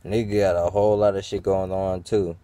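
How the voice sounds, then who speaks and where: A man's voice: sits low, little pitch movement, a little fast, dark tone, smooth, no echo. A man venting in a rambling, profane monologue to his viewers, full of fillers and restarts. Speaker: vlogger.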